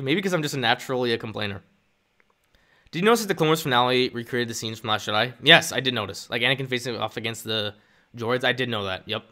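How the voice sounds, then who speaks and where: A man's voice: medium pitch, pushed and bright. A young man chatting casually on a live stream, rambling and self-deprecating as he reads chat.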